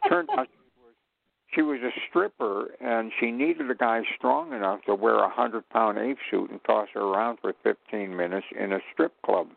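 A man's voice: lowish voice, sing-song, a little slow, gravelly. An older man from Chicago, a guest on the show, telling rambling anecdotes with a chuckle and lots of fillers over a call-in phone line. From Chicago, USA. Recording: tinny dry phone line.

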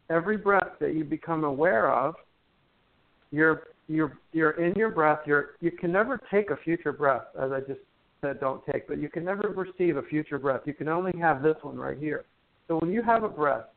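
A soft-spoken man talks a listener through breath and meditation, chatty and teacherly with light jokes. His voice sits a touch high. It comes through a thin, tinny phone line. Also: normal speed. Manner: gentle, chatty, teacherly, with many fillers and playful jokes. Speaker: guest, musician and meditation teacher. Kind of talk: guiding talk on breath and meditation.

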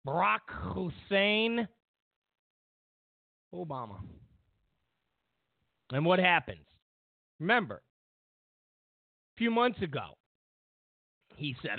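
A man's voice: high-pitched, sing-song, slow pace, vocal fry, long pauses, no room sound. A man hosting a political commentary show, rambling with many fillers and restarts and mimicking others mockingly. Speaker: show host. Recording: dry tinny phone-like sound.

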